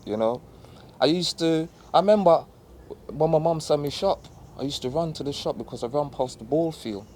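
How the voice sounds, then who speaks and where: A man's voice: a little high, moderate pace, a little mellow, slight background noise. Reflective man telling stories in casual chat. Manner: reflective, earnest, loose storytelling.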